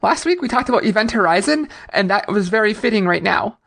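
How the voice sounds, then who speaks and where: A woman with a gravelly, fry-laden voice co-hosts a casual podcast, recapping an episode in a chatty, easygoing way. She laughs readily as she talks. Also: medium pitch, lively intonation, fast talker, a bit bright. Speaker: podcast co-host.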